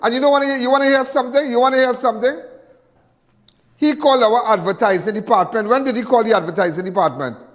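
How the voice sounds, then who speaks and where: Male crime-show host, very high voice, heated repetitive rant, reverberant room. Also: fast, fairly bright tone. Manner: angry, repetitive, stumbling restarts. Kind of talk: impassioned live TV commentary.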